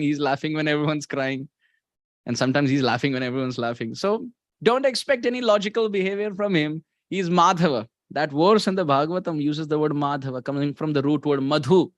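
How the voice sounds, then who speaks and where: Indian male preacher, lively storytelling sermon, slightly high voice, dry close sound. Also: dry recording. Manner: animated, often laughing mid-sentence.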